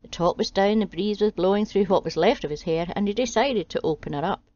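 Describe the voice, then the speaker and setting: A woman reading a string of jokes aloud in a steady, deadpan way. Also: medium pitch, fairly quick, no echo. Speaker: channel host reading jokes. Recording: dry, slightly dull home audio.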